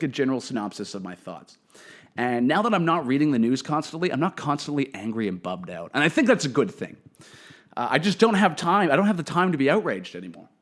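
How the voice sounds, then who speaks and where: A man hosting his own comedy podcast alone, delivering a profane, opinionated monologue into a podcast microphone. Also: a little high. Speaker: podcast host.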